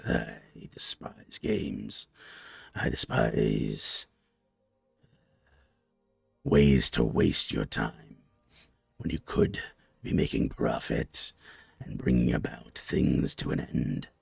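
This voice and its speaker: A man voicing a sinister reptilian merchant of death, slow, contemptuous and cold. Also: a bass voice, lively intonation, dry recording, clean studio sound, faint music behind, voice pushed down, full character voice. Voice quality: gravelly.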